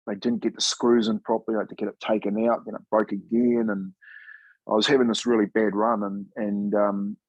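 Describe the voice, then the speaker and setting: Easygoing ex-coach from New Zealand, 50s, husky and dry-miked, chatty storyteller. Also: male voice, lowish voice, level tone, a little fast, no room sound, muffled recording. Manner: laid-back, chatty, says "mate" often, acts out quoted dialogue. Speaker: former rugby league player and coach, guest. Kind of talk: casual storytelling interview.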